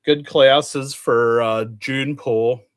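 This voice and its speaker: A man with an everyday mid-pitched voice recaps an event in loose, rambling chat. He reads out results and tells stories from working the event, with fillers and restarts. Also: steady tone, extremely slow, smooth. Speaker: truck pull official.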